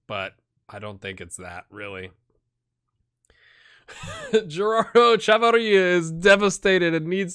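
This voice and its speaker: A man's voice: mid-range voice, fairly bright tone. A man hosting a game channel, talking through a football management save in a rambling, chatty way and thinking aloud with lots of restarts. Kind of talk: casual gameplay commentary.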